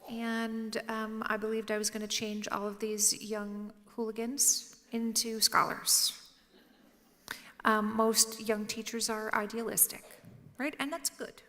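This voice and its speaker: A woman's voice: fairly high pitch, flat delivery, slow, bright, forceful tone. A woman telling humorous, self-mocking stories to an audience on stage, dropping to a whisper for quoted lines. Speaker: featured speaker. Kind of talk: storytelling on stage. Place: lecture hall with audience. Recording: roomy hall reverb.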